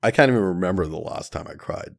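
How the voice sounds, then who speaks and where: Talking very fast in a low, creaky, animated voice, a young podcast host delivers a loose solo monologue. He swears, uses plenty of slang in his stories, and keeps calling listeners dude and man.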